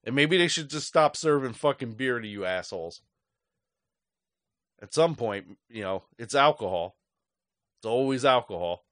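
Guy ranting angry about fans, swears a ton, rambly, mid pitch, dead dry mic. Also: lively intonation, moderate pace, long pauses, a bit bright, no echo. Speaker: sports podcast host. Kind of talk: ranting fan commentary.

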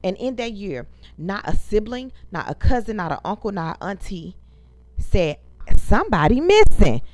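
A woman's voice: mid-range voice, lively intonation, moderate pace, a little mellow. A woman, venting to viewers as host of her own casual talk show, emphatic and profane. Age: 30s. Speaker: podcast host. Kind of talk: casual storytelling rant.

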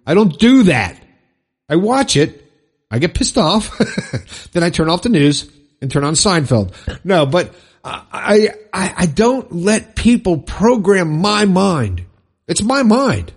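A man hosting a podcast, fired up and preachy, repeating phrases for emphasis in a husky voice. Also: fairly high pitch, big pitch swings, a little slow. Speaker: podcast host. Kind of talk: impassioned motivational monologue.

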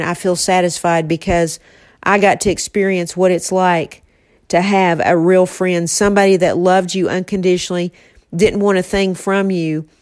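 A woman with a somewhat low voice speaks tenderly and reflectively, her words halting now and then as she gets choked up. The sound is close and dry, with no room around her. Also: a little mellow, no room sound. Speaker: host remembering a late friend with her mother. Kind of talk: casual heartfelt conversation.

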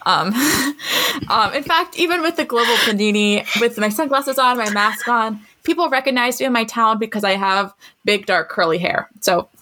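A woman's voice: fairly high pitch, moderate pace. A woman from rural Maryland hosting a podcast, chatting casually and laughing often as she tells family stories. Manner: laughs often, animated when telling stories. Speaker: podcast host. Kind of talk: casual chat.

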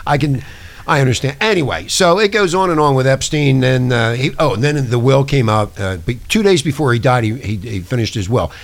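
A talk show host man with a swinging, animated voice at a middling pitch. He rants profanely and conspiratorially from a small studio. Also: fairly quick. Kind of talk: casual talk show monologue.

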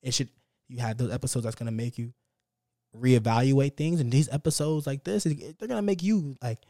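Warm-toned and medium in pitch, this young podcaster talks a little fast into a close mic in an echo-free space. Solo and without a script, he speaks from the heart in a casual, upbeat, motivational, repetitive monologue.

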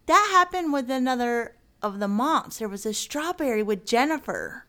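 A woman's voice: on the high side, animated, moderate pace, bright, forceful tone. Forties woman, podcast co-host, loose rambling delivery with casual cursing. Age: 40s. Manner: rambling, swears casually, self-mocking.

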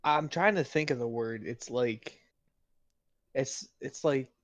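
A man's voice: mid-range voice, slow, dry recording. A young man co-hosting a casual podcast, rambling and searching for words. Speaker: podcast co-host.

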